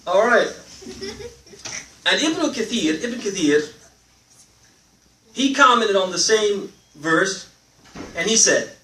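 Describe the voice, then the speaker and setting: Animated man teaching in an echoey hall. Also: sits high, takes it slowly, pauses often. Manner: animated, asks the audience questions and lets them answer. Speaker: Islamic teacher. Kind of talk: live religious class. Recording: roomy, from a distance, faint noise.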